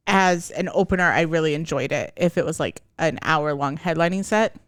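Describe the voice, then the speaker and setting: A podcast co-host in casual chat, agreeable and quick to laugh. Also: mid-range voice, fairly bright tone, clear, resonant tone, dry recording, clean studio sound.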